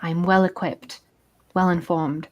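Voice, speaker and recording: A woman's voice: lowish voice, level tone, measured pace, highs cut off, natural voice. A woman voicing a gracious female jungle guide, speaking formally in a put-on British accent. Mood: courteous. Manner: courteous, formal phrasing.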